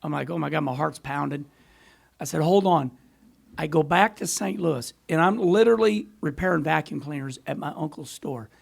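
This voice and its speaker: A man's voice: a little high, normal speed, gravelly, slightly rough. A middle-aged man, a podcast guest, telling rambling stories in casual chat and laughing often. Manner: animated, rambling storyteller who laughs often. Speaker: podcast guest, former racer.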